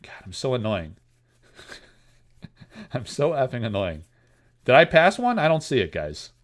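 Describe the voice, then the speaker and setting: A man hosting a live card-opening stream, chatting casually to his viewers, excitable and self-mocking. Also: mid-range voice, unhurried. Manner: excitable, self-mocking, talks straight to chat.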